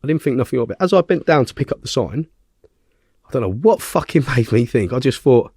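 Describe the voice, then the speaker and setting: A man, a young adult at a guess, telling a story on a podcast in a blunt, profane way. His voice sits at an ordinary pitch for a man, and the recording is close and dry, with no room sound. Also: animated, brisk, a little mellow, breathy edge, no room sound. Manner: vivid, blunt storytelling full of swearing. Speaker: podcast guest.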